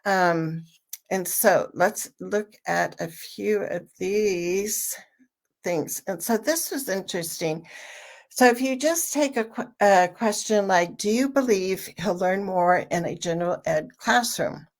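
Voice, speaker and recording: A woman giving a relaxed online training talk for parents, explaining slowly with plenty of fillers. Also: medium pitch. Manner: slow, conversational explaining with frequent fillers; repeats a question with shifting emphasis.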